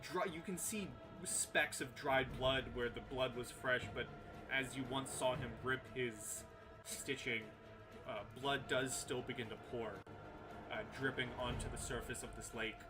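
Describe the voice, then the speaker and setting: A man's voice: medium pitch, unhurried, over music. A man running a tabletop game as game master, narrating casually with frequent fillers.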